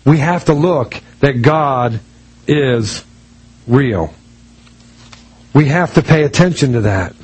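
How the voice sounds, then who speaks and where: A man's voice: medium pitch, animated, slow pace, long pauses, darkish tone, breathy edge, rough recording. A man preaching a sermon in a conversational way, telling a personal story with many restarts and acting out the other people's lines in dialogue. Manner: acts out quoted voices in dialogue.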